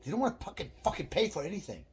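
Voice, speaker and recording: A man's voice: high voice, very animated, very fast, darkish tone, husky, pitched above the performer's own voice, heavily acted. A man voicing an angry male shop clerk who curses about customers not paying. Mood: exasperated. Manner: cursing, exasperated rant.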